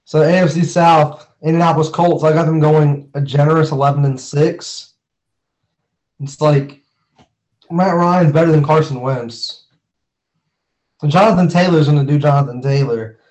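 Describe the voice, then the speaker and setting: A young man co-hosting a casual sports podcast, animated and slangy, laughing often as he talks. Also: a little high, normal speed, long pauses, low-quality recording. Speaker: podcast co-host.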